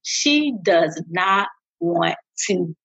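A woman's voice: on the low side, lively intonation, very slow, gravelly, a bit bright, breathy edge. A woman co-hosting a podcast, speaking emphatically and repeating phrases for effect in casual conversation. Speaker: podcast co-host. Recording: dull lo-fi audio.

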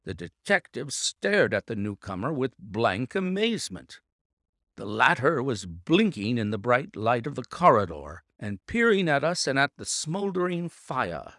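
Lively, gravelly male storyteller. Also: medium pitch, no echo, clean studio sound. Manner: measured, theatrical storytelling. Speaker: audiobook reader. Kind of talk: scripted narration.

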